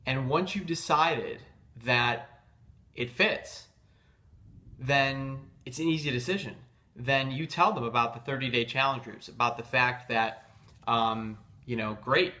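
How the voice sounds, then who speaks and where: Bright-voiced, emphatic man coaching sales. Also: medium pitch, measured pace. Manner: emphatic, insistent about conviction; loose, with frequent fillers and restarts. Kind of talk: motivational coaching talk.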